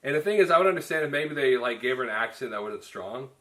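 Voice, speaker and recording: Talking quickly with lively intonation, the male film review host rambles casually through many restarts and frequent "you know"s. His mid-range voice sounds pushed and bright.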